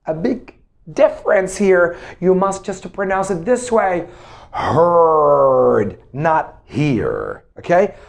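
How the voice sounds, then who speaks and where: Slow, repetitive male English teacher. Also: sits high, a little mellow. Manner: slow, drills words with many repetitions. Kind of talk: pronunciation lesson.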